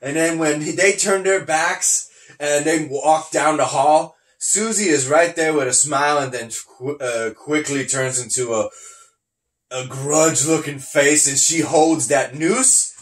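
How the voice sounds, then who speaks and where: In an echoey room, a podcast host with a fairly high voice chats unhurriedly about wrestling in a casual review. He laughs a lot and acts out quotes as he animatedly retells scenes.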